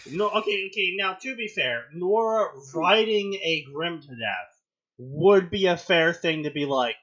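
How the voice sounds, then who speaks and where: Animated mocking man reading fanfiction aloud. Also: measured pace. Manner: animated, mocking, acts out quoted lines with loud high outbursts. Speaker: fanfiction reading show host.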